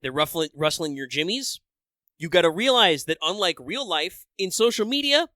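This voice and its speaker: A man's voice: high voice, big pitch swings, moderate pace, bright, forceful tone, dry recording, studio quality. Rambling, swearing man on a podcast. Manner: rambling, profane, self-interrupting; restarts and filler words. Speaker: podcast co-host. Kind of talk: casual chat.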